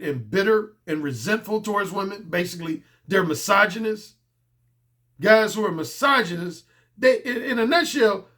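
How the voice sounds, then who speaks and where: Middle-aged guy ranting blunt and repetitive, high-ish voice, coach giving his take. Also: fairly bright tone. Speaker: dating coach. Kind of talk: solo commentary monologue.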